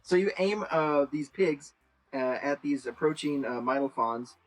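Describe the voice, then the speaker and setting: Animated man game master, rambling. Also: unhurried, poor audio. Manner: rambling with many fillers, bursts into high shouted character voices. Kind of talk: narrating a tabletop game.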